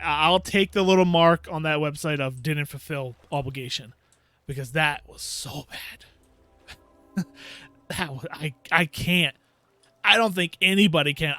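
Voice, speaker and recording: A gaming YouTuber rants casually about a terrible game, laughing in disbelief and acting out his own reactions like an exasperated storyteller. His male voice sits on the high side, pushed and bright, with a clean tone and no echo.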